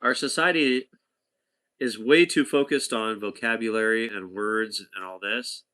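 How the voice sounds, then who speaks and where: A man's voice: on the low side, unhurried, bright, forceful tone. A man casually telling a rambling anecdote to a companion, chatty, with asides and restarts. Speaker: storyteller talking to a companion.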